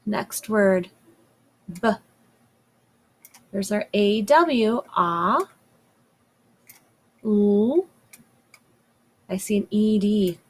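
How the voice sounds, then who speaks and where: Woman, first grade teacher, unhurried and clear, sounds out phonics. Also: medium pitch, low-quality recording. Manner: sounds out words slowly and clearly. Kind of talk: slow, patient phonics lesson for young children.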